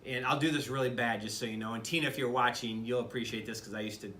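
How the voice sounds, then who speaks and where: A man's voice: mid-range voice, steady tone, quick pace, sharp tone, echoey room, a little hiss or hum. A middle-aged man from Michigan, a business leader talking earnestly to camera in a conversational way, with many fillers and restarts. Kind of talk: speaking to camera about leadership.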